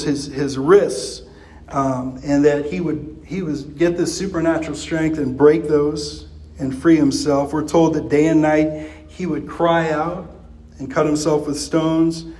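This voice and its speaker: A man preaching a sermon in a conversational way, with chuckles and fillers. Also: dark tone. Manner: acts out quoted voices with pitch jumps. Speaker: pastor.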